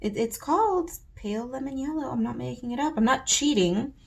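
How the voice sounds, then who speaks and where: A woman's voice: sits high, lively intonation, brisk, gravelly. A young woman chatting playfully and theatrically to her viewers while she colors. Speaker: coloring channel host. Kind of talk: casual chatty coloring vlog.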